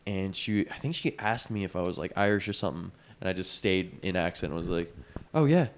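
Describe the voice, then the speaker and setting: A man's voice: sits low, steady tone, quick pace. A man co-hosting a podcast, telling stories in a laid-back, blunt way. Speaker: podcast co-host. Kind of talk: casual chat.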